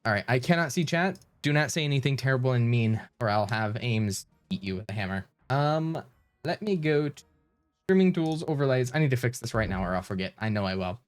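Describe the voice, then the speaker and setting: A flustered male streamer talks through his stream settings, rambling and thanking viewers as he goes. His voice sits at an ordinary middle pitch, and faint music plays behind him. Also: animated, a little fast, smooth. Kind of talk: live-stream chatter.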